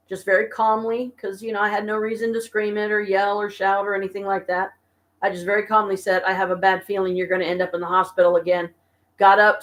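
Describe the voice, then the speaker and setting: An exhausted, stressed woman venting to her viewers in a casual live-stream chat from her apartment, talking slowly and haltingly. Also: medium pitch, a bit bright. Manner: weary, venting, slow and halting. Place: home apartment.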